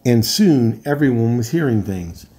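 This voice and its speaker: A man reading a children's novel aloud in calm, steady narration. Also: mid-range voice, a little slow, breathy edge. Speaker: volunteer reader.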